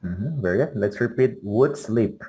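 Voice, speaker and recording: A man's voice: lowish voice, lively intonation, mellow. Patient male English teacher on a call. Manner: patient, models words slowly for repetition. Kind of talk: pronunciation drills in an online class.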